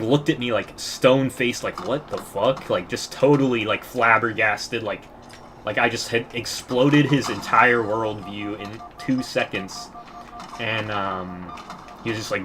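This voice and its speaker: Young man, lowish voice, crude and profane, rambling gameplay commentary, faint background noise. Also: fairly even intonation, unhurried, a bit bright. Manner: crude, profane, rambling storytelling with frequent laughs.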